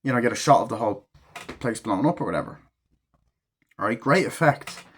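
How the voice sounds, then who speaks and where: A man's voice: medium pitch, animated, a little fast, breathy edge. Rambling, swearing man reviewing a movie. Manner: rambling, profane, filler-heavy retelling. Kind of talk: casual spoken movie review.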